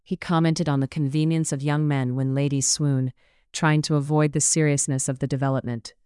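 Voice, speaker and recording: An audiobook narrator giving a steady, even reading of a period romance story. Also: mid-range voice, moderate pace, clean tone, dry recording, clean studio sound.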